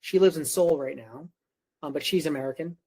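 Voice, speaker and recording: A man's voice: a little high, fairly quick, husky. A man talking casually as a podcast guest, telling a personal story and acting out what other people said. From Korea. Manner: animated storyteller who acts out quoted dialogue. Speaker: podcast guest, nutrition coach. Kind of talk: casual conversation.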